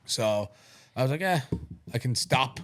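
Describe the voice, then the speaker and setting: A young Irish man co-hosting a sports podcast, talking in a relaxed, rambling way and often restarting his sentences. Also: mid-range voice, a little slow. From Ireland. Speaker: podcast co-host and strongman competitor. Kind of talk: casual chat.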